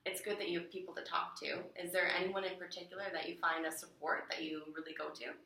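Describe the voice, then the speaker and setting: Woman counselor, encouraging, gravelly and bright, far from the mic in an echoey room. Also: on the low side, flat delivery, fast. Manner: encouraging, asks probing questions. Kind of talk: counseling session.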